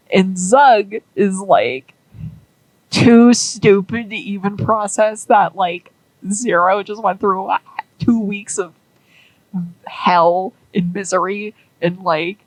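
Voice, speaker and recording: Woman, casual storytelling, slow unhurried pace, filler-heavy rambling, dry close sound. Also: medium pitch, dry recording, poor audio. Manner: rambling, many "like"s, acts out quoted characters.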